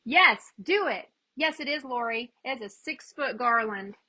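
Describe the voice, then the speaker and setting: A woman hosts a live crafting demo, chatting freely and greeting viewers by name as she works. Her voice sits a little high and rings bright and forceful. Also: animated, unhurried, poor audio. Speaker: craft livestream host.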